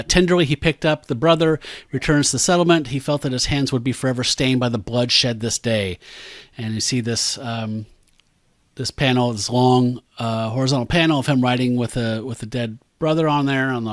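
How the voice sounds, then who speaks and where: A man with a middle-pitched voice recapping a comic on a podcast, reading the captions aloud with deadpan, dry humor. The sound is close and dry, with no room echo. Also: normal speed. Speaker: podcast co-host. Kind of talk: casual comic book review chat.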